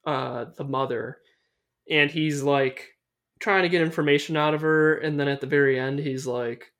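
A young man casually recapping a horror film on a podcast, rambling and swearing, with lots of fillers. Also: fairly high pitch. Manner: loose and rambling, swears a lot, many fillers. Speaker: podcast host. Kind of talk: casual movie recap chat.

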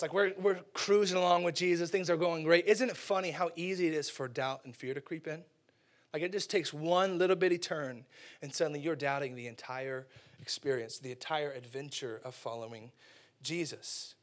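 High-voiced man preaching casually. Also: a bit bright. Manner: conversational, joking, says "like" often. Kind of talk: casual, humorous sermon.

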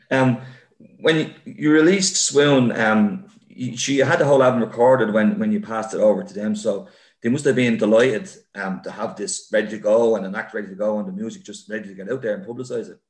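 A man with a fairly low voice asks eager but halting questions, filling the gaps with hesitations. The recording sounds roomy, with a clear echo around him. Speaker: interviewer.

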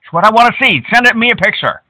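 A man making a prank phone call, crude, abusive and mocking, at times bursting into shouts. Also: sits high, lively intonation, rapid-fire, no echo. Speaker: prank caller.

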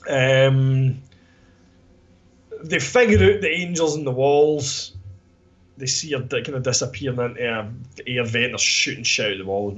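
A man's voice: medium pitch, fairly bright tone. Scottish guy, casual podcast host, rambles through plot recap, swears a lot, dull lo-fi sound. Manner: rambling, sweary, lots of "kinda" and "basically". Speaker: podcast co-host reviewing a film.

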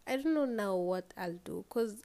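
A woman's voice: mid-range voice, expressive, normal speed, dark tone. Young woman, Kenyan accent, solo podcast host; tired and yawning, rambles casually, mid-range voice. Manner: rambling, swears freely, switches between English and Swahili.

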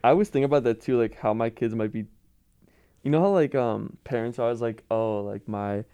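A man's voice: medium pitch, brisk, dark tone, clean tone, dry recording. A young man co-hosting a podcast, chatting casually and playfully, joking around. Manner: joking, playful, acts out silly voices. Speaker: podcast co-host. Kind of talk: casual chat.

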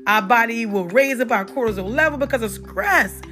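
A woman's voice: on the high side, lively intonation, fairly quick, pushed and bright, soft background music. A middle-aged woman with a Southern accent, talking casually and unedited about natural health and faith, with many fillers and repeated "you guys" and "y'all". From South Carolina. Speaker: holistic health talk host.

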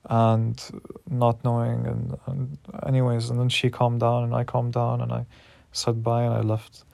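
A man's voice: medium pitch, completely flat delivery, a little slow, creaky, darkish tone, no echo. A man in his twenties talking frankly and emotionally in a personal diary vlog, swearing freely when worked up. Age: 20s. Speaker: vlogger.

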